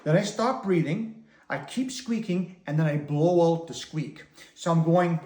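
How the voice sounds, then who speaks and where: A man with a slightly high voice gives a patient, step-by-step lesson on circular breathing for the didgeridoo. His explanation sounds in an echoey room. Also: measured pace, darkish tone. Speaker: didgeridoo teacher. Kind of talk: instructional demonstration.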